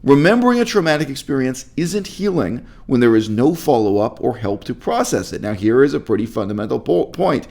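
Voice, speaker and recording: Sarcastic male commentator, gravelly, animated delivery, reads reviews with open scorn. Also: mid-range voice, brisk, hardly any pauses. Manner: mocking, laughs at his own jokes. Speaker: video commentator.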